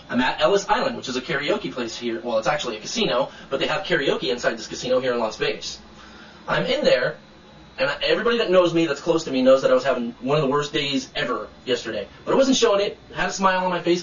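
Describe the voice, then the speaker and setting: A man's voice: fairly high pitch, very animated, fast talker, fairly bright tone, roomy sound, distant mic, dull audio, slight background noise. A man telling a personal grievance to camera in a casual video rant, indignant and blunt, swearing freely. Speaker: vlogger telling a personal complaint.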